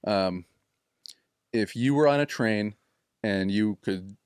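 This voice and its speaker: A man's voice: on the low side, slow pace, darkish tone, clean tone, no echo, clean studio sound. A man casually telling a long story on a podcast, swearing freely and acting out what others said. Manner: profane, acts out quoted people.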